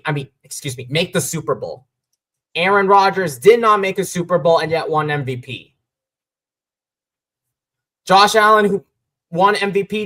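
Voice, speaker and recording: A man hosting a casual sports talk stream with a fairly high voice. He rants in an exasperated way and throws in the odd curse. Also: a bit bright. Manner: ranting, frustrated, swears. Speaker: podcast host.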